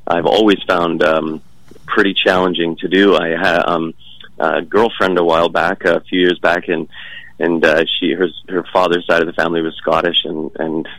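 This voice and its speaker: A man's voice: low voice, flat delivery, moderate pace, fairly bright tone, dry recording, rough recording. A man being interviewed about his stage work, speaking casually with many fillers and restarts.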